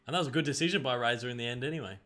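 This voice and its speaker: Excitable Australian man calling play-by-play. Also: mid-range voice, racing. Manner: excitable, rattles off player names and bursts into loud calls. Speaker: streamer commenting on a live game. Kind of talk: casual live play-by-play commentary.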